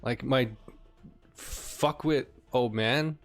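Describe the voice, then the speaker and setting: A man's voice: medium pitch, very slow, soft background music. A man voicing a blunt, sweary young female gnome in a tabletop game. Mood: chatty.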